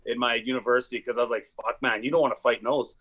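A man's voice: medium pitch, fast. A man in casual podcast chat, telling long rambling stories with lots of swearing and fillers. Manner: rambling, profane, animated storytelling.

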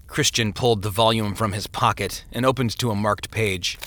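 A man's voice: lowish voice, fairly even intonation, moderate pace, hardly any pauses, a bit bright, no echo. A man narrating a story as an audiobook, telling it expressively.

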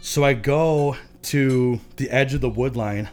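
A man's voice: mid-range voice, a little slow, soft background music. A young adult man from Michigan casually telling a long, profane story, often laughing as he talks. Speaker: podcast guest.

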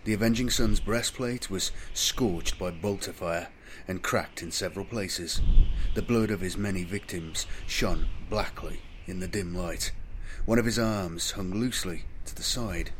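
A man giving measured, dramatic scripted audiobook narration. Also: low-pitched, slight background noise.

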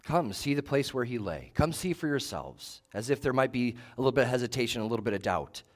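A male pastor preaching a sermon in a measured, emphatic way, leaning on short repeated phrases. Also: mid-range voice, expressive.

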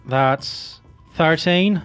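A man's voice: a little high, drawn-out words, fairly bright tone, clear, resonant tone, soft background music. A man playing a tabletop game, methodically walking through his attacks. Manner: methodical, counts out attacks step by step. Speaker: player.

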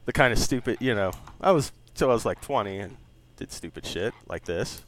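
A man's voice: on the low side, expressive, a little fast, slight background noise. A man in his late thirties co-hosting a podcast, chatting casually, laughing often and swearing freely. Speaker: podcast co-host. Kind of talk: casual chat.

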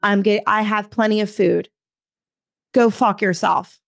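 A woman's voice: mid-range voice, steady tone, a little slow, creaky, dry recording, studio quality. A woman voicing a curt, dismissive woman she met on the street, with blunt repeated refusals. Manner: curt, repetitive.

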